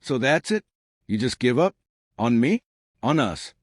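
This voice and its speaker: Heartbroken young wife, voiced by a man narrator: soft, hurt, pleading, lively pitch. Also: a little slow, dry recording, studio quality.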